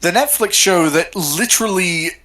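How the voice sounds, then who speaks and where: A podcast co-host chatting casually, quick and joking, often agreeing with a laugh. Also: mid-range voice, pushed and bright. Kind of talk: casual chat.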